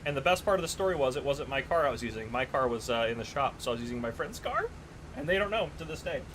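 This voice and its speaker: A man's voice: mid-range voice, animated, fast, a bit bright, slight background noise, rough recording. A man chatting casually on a live gaming stream, telling stories, reading chat aloud and laughing often.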